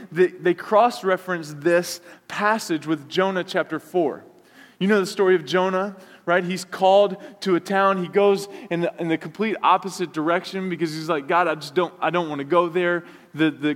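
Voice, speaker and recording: A male pastor preaching with animated, conversational storytelling and quick asides, his voice sitting a little high. He slips into the characters' complaints as he retells the story. The sound rings with a long reverb from a church sanctuary. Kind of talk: sermon.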